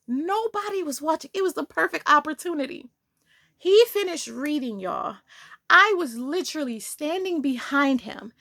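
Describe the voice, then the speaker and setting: Woman vlogger doing storytime, high and super lively, talks right to her viewers. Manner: dramatic, talks straight to viewers. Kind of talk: animated storytime.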